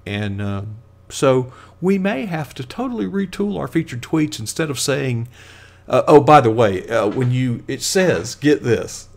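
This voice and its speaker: A man's voice: mid-range voice, sing-song, measured pace, gravelly. A man hosting a live stream, talking casually in a chatty, rambling way with lots of fillers and asides.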